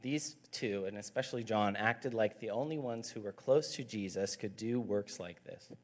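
Youth pastor preaching with a lowish voice. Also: male voice, moderate pace. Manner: conversational and storytelling, emphatic. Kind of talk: sermon.

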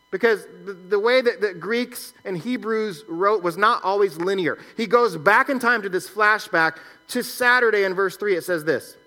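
Male pastor, higher voice, bright tone, relaxed teaching sermon that walks through scripture. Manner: conversational teaching, reads scripture aloud and comments.

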